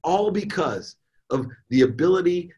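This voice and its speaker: A middle-aged man, a podcast guest, telling a motivational story in an emphatic way that swings between soft and forceful. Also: high-pitched, animated, a little slow, breathy edge, highs cut off. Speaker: guest, entrepreneur and speaker.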